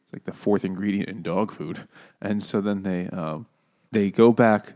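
Lowish-voiced man, casual, jokey and swearing a lot while retelling a plot. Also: a little mellow. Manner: joking, profane, quick asides. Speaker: podcast co-host. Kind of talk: casual chat, recapping a book.

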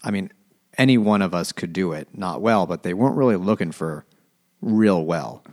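A man's voice: deep voice, moderate pace, darkish tone. A man on a casual book podcast, speaking in a dry, matter-of-fact way. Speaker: podcast co-host. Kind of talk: casual chat.

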